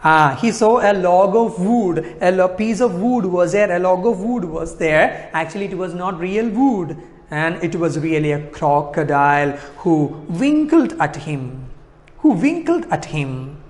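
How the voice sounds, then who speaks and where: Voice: medium pitch, lively intonation, a little slow. A Malayalam-speaking English teacher with a Kerala Indian English accent, reading a story aloud to a class and explaining it, repeating words and asking questions. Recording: echoey hall reverb.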